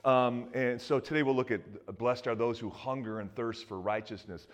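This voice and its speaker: A man's voice: medium pitch, fairly even intonation, normal speed, highs cut off. A man in his fifties from the US Northeast, preaching a sermon in a loose, joking, conversational way with many restarts and asides. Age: 50s. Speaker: pastor.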